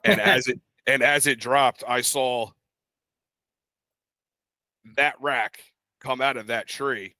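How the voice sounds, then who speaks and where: Young man, podcast co-host, crisp bright tone, dry close sound, animated storyteller. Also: mid-range voice, slow, dry recording. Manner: animated, acts out quoted voices in his stories. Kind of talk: casual storytelling.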